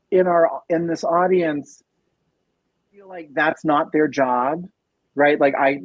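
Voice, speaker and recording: A man with a slightly high, husky voice talks as a podcast guest. He is thoughtful, leaning on fillers and restarting his sentences. The recording is dull and lo-fi, with a dry, close sound. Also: dry recording. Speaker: podcast guest, nonprofit operations director. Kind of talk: casual interview conversation.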